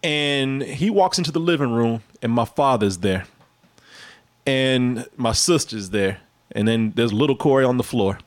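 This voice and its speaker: A man's voice: mid-range voice, unhurried. A middle-aged man casually telling a profane family story, laughing as he talks. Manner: animated, profane, laughs through his story. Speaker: storyteller guest.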